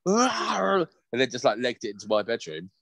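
A man's voice: fairly low pitch, fast, no echo. A man co-hosting a podcast in casual chat, swearing freely and acting out the quotes in his stories. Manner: lively, swears a lot, acts out quotes. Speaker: podcast co-host.

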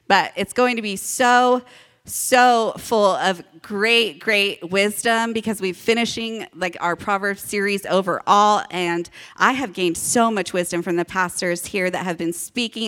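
A woman's voice: medium pitch, fairly bright tone. A young woman pastor giving a chatty, upbeat children's sermon to a congregation and leading call-and-response.

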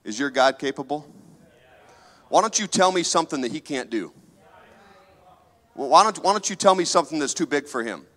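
A man's voice: on the high side, animated, fairly quick, pauses often, fairly bright tone, big-room sound. A man preaching a sermon, emphatic and full of questions put to the audience.

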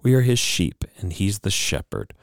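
Man, pastor, sermon, low voice, measured teaching, dry sound. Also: huge pitch swings, vocal fry, no room sound. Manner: slow, deliberate teaching with fillers and rhetorical questions. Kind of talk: sermon with quoted reading.

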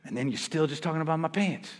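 High-voiced preacher in an echoing hall. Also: male voice, fast talker, background noise. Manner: energetic, exhorting, joking with the congregation. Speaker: pastor. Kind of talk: sermon. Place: church sanctuary. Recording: reverberant church hall.

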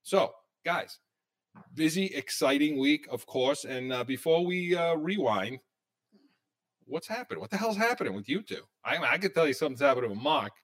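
A man hosting a sports talk show, talking casually in an animated, excitable way. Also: fairly high pitch, normal speed.

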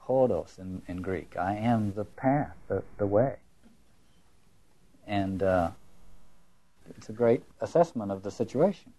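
A man's voice: lowish voice, animated, slow, pauses often, warm tone. A man giving a lecture on literature and religion. He muses aloud, repeats his words and asks rhetorical questions.

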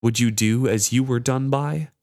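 A man's voice: medium pitch, moderate pace, a little mellow, no room sound, studio quality, pitched above the performer's own voice, lightly acted. A man voicing a cruel, mocking wooden charm that taunts a pirate captain, in a raised, sneering voice.

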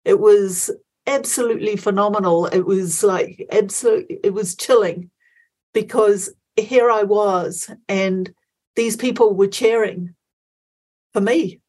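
A woman's voice: mid-range voice, slow pace, darkish tone. A middle-aged woman, a guest in an interview, telling a story with many fillers and restarts and acting out her inner voices. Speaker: guest, former Olympic marathon runner.

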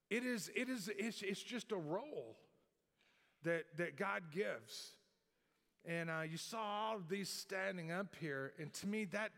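A middle-aged male pastor with a high, gravelly, fairly bright voice delivers a rambling, folksy sermon with many restarts. The church sanctuary lends it a long hall reverb.

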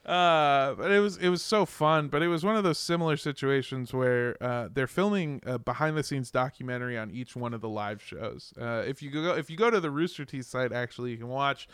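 A man's voice: medium pitch, fairly quick, few pauses, a bit bright, smooth, no room sound. A young man chatting casually on a podcast, telling rambling anecdotes, laughing often and swearing casually. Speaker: podcast guest. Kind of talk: casual chat.

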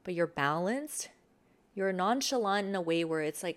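Lower-voiced woman coaching through acted examples. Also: expressive, normal speed. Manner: demonstrative, sighs and laughs while acting out sample replies. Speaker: self-improvement coach. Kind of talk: explanatory talk with acted example lines.

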